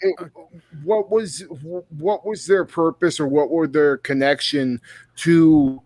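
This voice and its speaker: A man's voice: a little high, slow pace, a little mellow, no room sound. A man co-hosting a horror movie podcast, talking casually and profanely with lots of enthusiasm and restarts. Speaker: podcast co-host.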